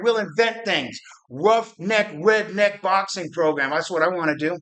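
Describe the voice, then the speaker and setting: Middle-aged male host, raised in Arizona, bright cutting voice, worked-up rambling rant. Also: high-pitched, measured pace. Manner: ranting, profane, rambling with restarts. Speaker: podcast host. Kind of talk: fired-up political rant.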